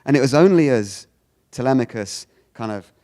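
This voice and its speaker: A man giving a theology lecture in a conversational, animated way, often repeating words and saying "you know". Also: medium pitch, normal speed. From United Kingdom. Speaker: guest lecturer.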